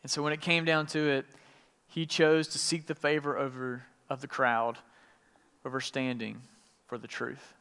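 A man preaching a sermon, retelling scripture in casual everyday words and acting out the quotes with lively changes of voice. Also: mid-range voice, normal speed, smooth. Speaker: pastor. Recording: long hall reverb.

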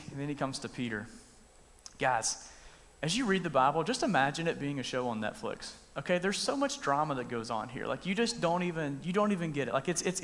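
A youth pastor giving a casual, animated sermon and acting out the story as he goes. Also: fairly high pitch. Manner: animated, conversational, acts out scenes. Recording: long reverb in a large room.

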